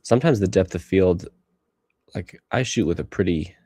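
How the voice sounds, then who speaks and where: A man's voice: low voice, normal speed, dark tone, no room sound. A man in his thirties streaming live as he edits photos, rambling and talking to himself while he works. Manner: rambling self-talk, musing aloud. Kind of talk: casual livestream commentary while working.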